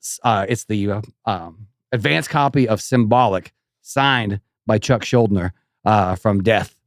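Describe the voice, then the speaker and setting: A man co-hosting a podcast, chatting casually with a relaxed, enthusiastic fan's manner. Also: lowish voice, a little slow, no echo, studio quality. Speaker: podcast co-host. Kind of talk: casual chat.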